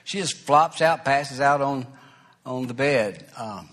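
A pastor preaches a sermon in a medium-pitched, slightly bright voice at a slow pace. He tells a personal story in a folksy, conversational way, breaking into acted quotes and small asides.

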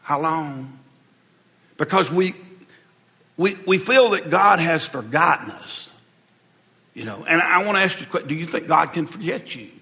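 A man's voice: a little high, animated, moderate pace, gravelly, bright, forceful tone. A middle-aged man, preaching a conversational, folksy sermon as pastor, often repeating words as he goes. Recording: hall reverb.

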